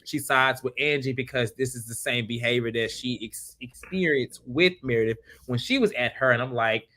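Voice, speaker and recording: A man hosting a casual recap show, retelling scenes in an animated way with lots of laughter. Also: medium pitch, normal speed. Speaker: podcast host.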